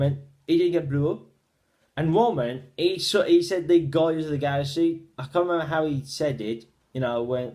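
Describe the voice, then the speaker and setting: A man giving a casual spoken film review, retelling the plot in a rambling, halting way with frequent restarts. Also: fairly high pitch, a little mellow.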